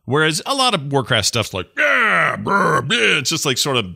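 A man co-hosting a casual gaming podcast, animated and joking, often slipping into quoted voices. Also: mid-range voice, fast talker, no room sound, studio quality. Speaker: podcast co-host. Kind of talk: casual chat.

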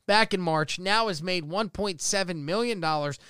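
Guy hosting a comedy podcast, high clear voice, dry mic, reads stories and laughs a lot. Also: normal speed, sharp tone, no room sound. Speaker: podcast host. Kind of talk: casual comedy chat.

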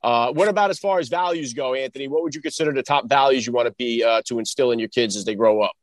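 A man hosting a casual interview, asking questions quickly and repeating words as he starts them. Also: mid-range voice, no echo, studio quality. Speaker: podcast host.

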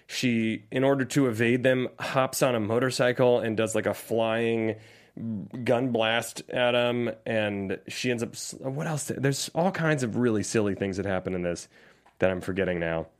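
On a relaxed movie review podcast, a male co-host with a medium-pitched voice and moderate pace keeps laughing and animatedly performs scenes in goofy, silly voices.

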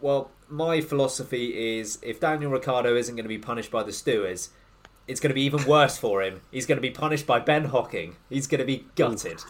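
A man's voice: mid-range voice, brisk. A man co-hosting a casual sports podcast, leading each segment in a chatty, loose way with plenty of ums and you-knows.

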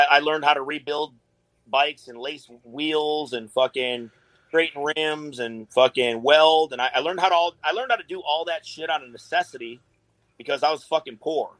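A man's voice: medium pitch, a bit bright, dry recording, rough recording. A middle-aged man talking casually as a podcast guest, swearing constantly and rambling through his stories in a laid-back way. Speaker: guest, tattoo artist.

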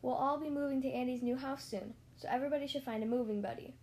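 A woman's voice: high voice, fast talker, a little mellow. Woody, a fretful cowboy toy voiced by a woman reading. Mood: urgent. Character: worried bossy cowboy toy sheriff, male. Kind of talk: storybook read-aloud.

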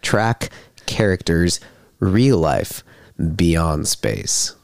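Deep, lively joking man co-host. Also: vocal fry, dry recording, clean studio sound. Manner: joking, quick asides. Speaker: podcast co-host. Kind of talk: casual chat.

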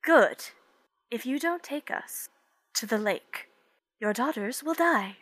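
A ruthless villain speaks low and quiet, cold and menacing, as a woman puts him on. The voice is close and dry, with no room around it. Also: animated, slow, dry recording, heavily acted. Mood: cold menace.

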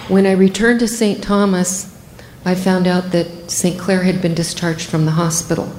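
An older woman, a physician, telling a first-person story in a measured, matter-of-fact way. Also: on the low side, flat delivery, darkish tone, roomy sound, slight background noise, poor audio.

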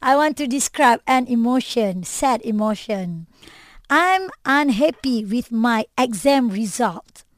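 High-voiced Malaysian woman student. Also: lively intonation, takes it slowly, no room sound, clean studio sound. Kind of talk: classroom exercise.

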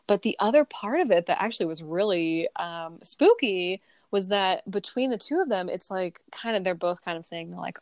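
A woman casually chatting about a comic on a podcast, animated and acting out the characters' lines in quick voices. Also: mid-range voice, dry recording, studio quality. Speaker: podcast co-host. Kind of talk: casual chat recapping a comic.

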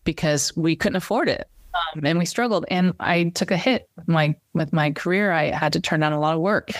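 A woman's voice: low voice, a little fast, no echo, clean studio sound. A woman talking candidly and animatedly as an interview guest, with many fillers and restarts. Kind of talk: casual interview chat.

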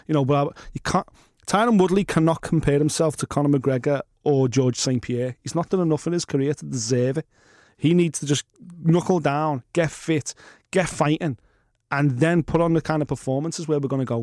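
Male co-host, blunt and sweary, fairly high pitch, dry studio sound. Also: a little fast, darkish tone, no echo. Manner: blunt, swears freely, rants with mock quotes. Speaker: podcast co-host. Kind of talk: casual sports chat.

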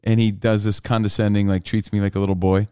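A man's voice: fairly low pitch, little pitch movement, fast talker, dark tone, smooth, dry recording, studio quality. A man co-hosting a podcast in casual chat, joking and acting out others' voices. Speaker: podcast co-host.

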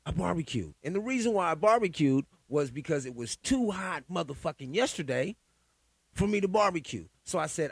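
A man hosting a solo podcast in a profane, animated rant, pleading and stammering through restarts. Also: a little high, a little fast, creaky, slightly rough, dry recording, studio quality. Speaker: podcast host. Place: home in Sacramento.

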